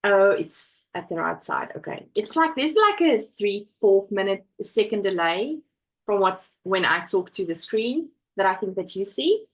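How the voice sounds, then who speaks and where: A woman's voice: medium pitch, sing-song, measured pace, low-quality recording. A woman hosting a casual crafting live stream from home, chatting and reading viewer comments aloud. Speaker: livestream host.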